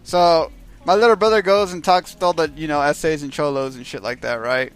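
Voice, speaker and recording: A man's voice: fairly high pitch, steady tone, a little fast, soft background music. Rambling, swearing male storyteller. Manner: rambling and profane, keeps asking "right?". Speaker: streamer telling a story. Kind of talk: casual storytelling.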